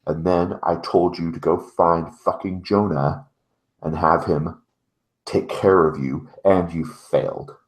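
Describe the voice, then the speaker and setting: A man voicing a cold, menacing young villain who speaks slowly and threateningly. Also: deep voice, fairly even intonation, low-quality recording. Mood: cold menace.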